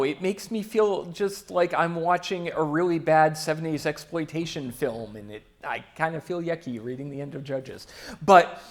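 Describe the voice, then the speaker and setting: A young man giving a casual, chatty church talk, with quick asides and frequent fillers. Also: fairly high pitch. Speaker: church speaker.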